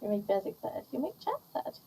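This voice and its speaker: A woman streaming a game in casual chat, talking to and gently scolding the cat on her lap. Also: fairly high pitch, sing-song, fairly quick, creaky, a little hiss or hum, rough recording. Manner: fussing at a cat, scolding softly.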